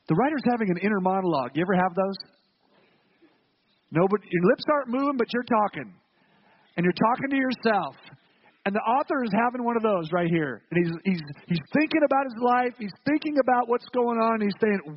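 A man's voice: sits high, lively intonation, moderate pace, lo-fi sound, slight background noise. A man preaching a sermon as pastor, earnest and emphatic, with rhetorical questions and repeated words.

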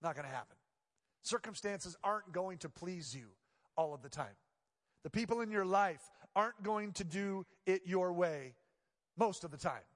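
Guy pastor joking around mid-sermon, kinda high voice, big echoey church sound. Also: lively intonation, moderate pace. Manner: conversational and playful, dropping to quiet earnest tones.

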